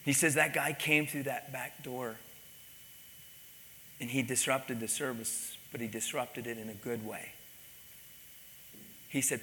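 A pastor telling a story in a sermon, animated, repeating words and dropping to quiet, intense tones. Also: male voice, mid-range voice, unhurried, long pauses, a little hiss or hum. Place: church sanctuary. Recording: long reverb in a large hall.

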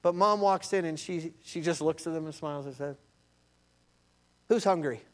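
Male pastor with a high, lively sermon delivery and a storyteller's energy. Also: brisk. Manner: animated storytelling, addresses listeners as beloved.

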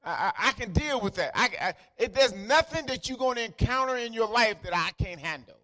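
High, bright-voiced preacher with dialect. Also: male voice, expressive, a little fast. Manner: conversational, repeats words, calls out to listeners by name; swings from quiet asides to loud emphatic lines. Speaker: pastor. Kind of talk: sermon.

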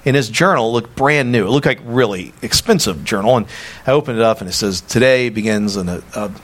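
A man with a Southern US accent preaching a sermon, telling stories with excitement and stammering restarts. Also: fairly low pitch, a little fast.

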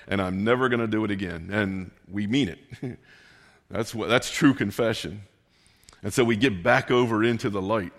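A man's voice: medium pitch, a bit bright, in a large hall. A man preaching a sermon in an earnest, conversational way, acting out the voices he quotes. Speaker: pastor.

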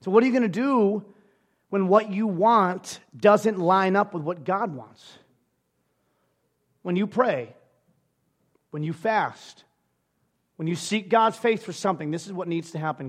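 A male pastor in his thirties preaching a sermon, swinging from loud, animated passages to hushed, near-whispered ones. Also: high voice, measured pace, long pauses.

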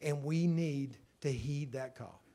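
A middle-aged man, preaching a sermon in an emotional storytelling way that swells loud at the peaks. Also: medium pitch, slow. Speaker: pastor.

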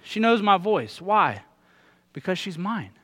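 A man's voice: high-pitched, very animated, unhurried, a bit bright, husky. A man in his thirties preaching a sermon, earnest and putting direct questions to his listeners. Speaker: pastor.

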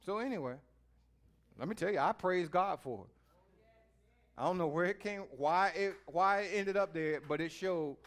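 A man preaching a sermon in a folksy way, talking straight to his listeners and swinging from quiet musing to loud exhortation. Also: high-pitched, moderate pace, long pauses. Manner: folksy, speaks to the listeners directly.

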